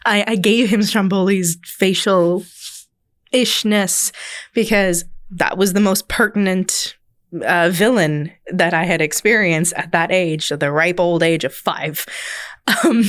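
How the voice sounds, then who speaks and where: A woman's voice: on the low side, a little slow, soft background music. A woman hosting her own podcast, telling a childhood story in a casual, rambling way, correcting herself and laughing now and then. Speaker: podcast host.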